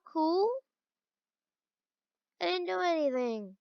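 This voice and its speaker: A woman playing a game and reading its dialogue aloud, mixing in quick exclamations of her own. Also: high voice, very animated, fairly bright tone, dry recording. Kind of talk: let's-play commentary. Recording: dull lo-fi recording.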